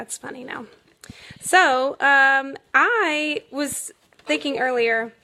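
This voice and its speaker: Against a noisy background, a woman in her thirties with a high voice chats to the camera at home while her kids are nearby. She's a mother vlogging, laughing through her story and leaning heavily on fillers.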